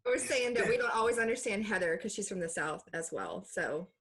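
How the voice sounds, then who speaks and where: A woman's voice: mid-range voice, animated, a little fast, a bit bright, poor audio. A woman co-hosting a podcast, chatting casually with joking asides. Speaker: podcast co-host. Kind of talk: casual chat.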